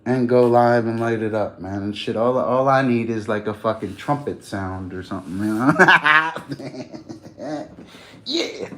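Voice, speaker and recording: A man's voice: medium pitch, unhurried, fairly bright tone. A man chatting loosely on a livestream, rambling in slang and laughing often. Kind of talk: casual livestream chat.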